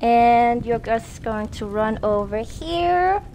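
Young woman chatting thru a horror game, high voice, unhurried, self-mocking, faint hum behind. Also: expressive, warm tone. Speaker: gaming channel host. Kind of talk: casual let's-play commentary.

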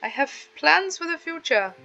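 Bright, chatty woman gaming host. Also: very high voice, big pitch swings, normal speed, gravelly, muffled recording, faint music behind. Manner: chatty, talks straight to viewers. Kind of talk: casual gameplay commentary.

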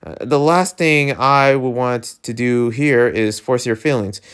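A man reading a gentle, let-down young man. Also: medium pitch, measured pace, clear, resonant tone, close to an everyday voice. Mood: rueful. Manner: soft, apologetic.

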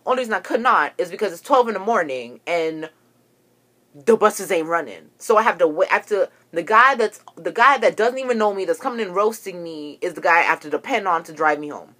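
A young woman with a somewhat low-pitched voice rants straight to her camera. She is agitated and swears freely as she tells her story. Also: expressive, brisk, fairly bright tone. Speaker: vlogger. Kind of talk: ranting to camera.

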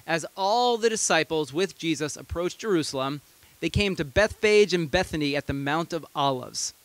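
Higher-voiced pastor, dry sound. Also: male voice, lively intonation, normal speed, dry recording. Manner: conversational storytelling with amused asides. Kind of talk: sermon.

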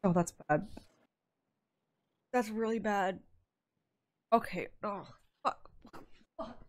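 A woman streaming a game with casual live commentary, excitable, swearing freely and laughing often. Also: medium pitch, takes it slowly, pauses often, no room sound.

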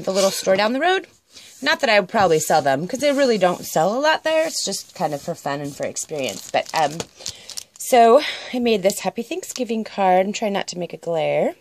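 A middle-aged woman hosting a casual crafting vlog, gushing and excitable as she shows off cards and mail. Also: fairly low pitch, dry recording. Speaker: crafting channel host. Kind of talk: casual show-and-tell vlog.

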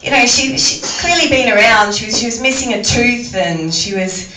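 A woman's voice: fairly high pitch, lively intonation, moderate pace, pushed and bright, roomy sound, far from the mic, a little hiss or hum, low-quality recording. A woman with an Australian accent performing a stand-up comedy set, rambling and restarting her sentences often. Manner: rambling, stammering delivery with frequent restarts. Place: comedy venue with audience.

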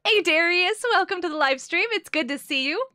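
A woman hosting a casual gameplay live stream. She chats with viewers, greets them by name and breaks into excited outbursts. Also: very high-pitched, fairly quick, slight background noise.

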